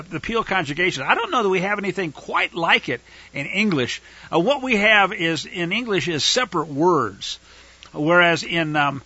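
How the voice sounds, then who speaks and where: A man's voice: high voice, pushed and bright, slightly rough, no echo, dull audio. A man teaching a scripture study, reading verses aloud and explaining them, leaning hard on key words with growing emphasis. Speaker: Bible teacher.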